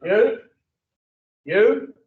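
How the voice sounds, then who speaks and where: A man's voice: high-pitched, lively intonation, extremely slow, echoey room, distant mic, phone-quality sound, slight background noise. A man giving a blunt, profane recovery talk to a group, telling his story and putting questions to the room. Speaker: recovery speaker.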